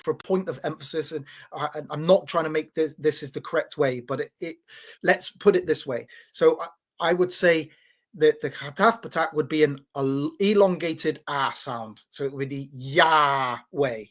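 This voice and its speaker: Speaking at a moderate pace, this podcast host has a voice a touch higher than most men's. His relaxed, teacherly explanation is full of false starts and repeated words, and he frequently asks "right?" to make sure the listener is following.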